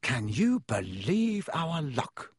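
A man's voice: a little high, sing-song, husky, no room sound, clean studio sound, heavily acted. A man voicing an anxious teenage boy wizard who pleads, frets and panics in a storybook reading. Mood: dismayed. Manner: fretful, pleading, quickly alarmed.

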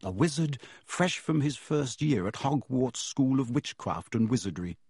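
A man narrates an audiobook in a measured, storytelling way, with a husky edge to his mid-pitched voice. The recording is dry and close, with no room sound. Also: animated, a little mellow, no room sound.

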